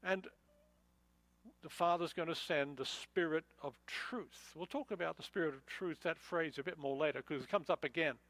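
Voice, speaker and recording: Male pastor, high voice, dry close sound, chatty Bible teaching with frequent "uh"s. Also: normal speed, fairly bright tone, no echo, poor audio. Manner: conversational, many fillers and restarts. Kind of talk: expository sermon.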